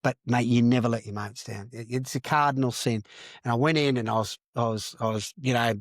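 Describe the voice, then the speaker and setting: A man's voice: medium pitch, steady tone, brisk, no echo, studio quality. A man, a podcast guest and counsellor telling a long, rambling story, swearing freely and calling the listener mate. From Australia. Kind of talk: casual storytelling interview.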